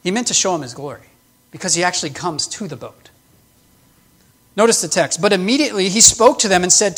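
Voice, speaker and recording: A man's voice: sits high, expressive, brisk, long pauses, fairly bright tone, husky. A man preaching a sermon, explaining the text in an earnest, emphatic way with frequent restarts. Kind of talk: sermon teaching.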